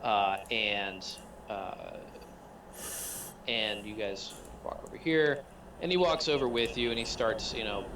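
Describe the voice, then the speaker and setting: A man's voice: on the low side, slow pace, a bit bright, far from the mic, slight background noise. Rambling man running a tabletop game. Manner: rambling, filler-heavy narration. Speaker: game master.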